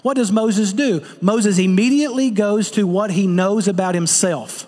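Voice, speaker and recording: Pastor, male, high voice, earnest preaching with rhetorical questions; long hall reverb. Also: normal speed, hardly any pauses, darkish tone. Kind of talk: sermon.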